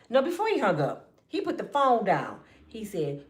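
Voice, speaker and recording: A woman spins a personal story in relaxed, slangy speech and keeps talking straight to her listeners. She acts out the people in it, sometimes hushing way down, sometimes getting loud. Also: mid-range voice, moderate pace, few pauses. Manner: animated, acts out quotes with hushed and raised voices; colloquial, addresses listeners as y'all. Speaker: storyteller speaking to her audience. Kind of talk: casual storytelling monologue.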